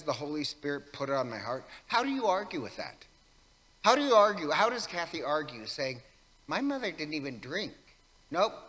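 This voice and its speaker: Priest, male, casual wry homily delivery, bright tone, long church reverb. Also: a little high. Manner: conversational, wry and self-mocking. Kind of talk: weekday homily.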